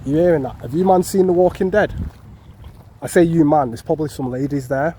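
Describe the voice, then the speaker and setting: A man's voice: fairly high pitch, brisk, dark tone, slight background noise, low-quality recording. A man with a Mancunian accent chatting to his viewers in a casual, jokey walking vlog outdoors, swearing freely. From North West England. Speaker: vlogger. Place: outdoor parkland.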